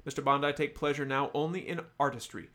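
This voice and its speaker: A man's voice: on the high side, steady tone, quick pace, bright, forceful tone, pitched above the performer's own voice. A man doing a dramatic reading of a suave villainous male crime lord, in a mock Italian accent. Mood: languid, grandiose. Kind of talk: dramatic reading of a novel passage.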